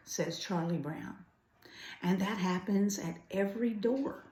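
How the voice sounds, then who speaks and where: Slow older woman reading a storybook. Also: mid-range voice. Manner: gentle, adds chatty asides. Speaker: grandparent storyteller. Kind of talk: storybook read-aloud. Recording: roomy echo.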